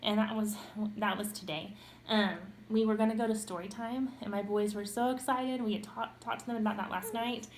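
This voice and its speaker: A woman's voice: medium pitch, steady tone, a little fast, a little hiss or hum. Young adult woman, parenting vlogger; chatty, unpolished delivery with fillers and restarts. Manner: chatty, with frequent ums and self-corrections. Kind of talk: casual talk to camera.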